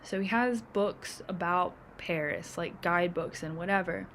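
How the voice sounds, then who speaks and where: A woman's voice: on the low side, a little slow, a bit bright, slight background noise. A young American woman telling stories in casual chat as a streamer, chatty and acting out quoted voices. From United States.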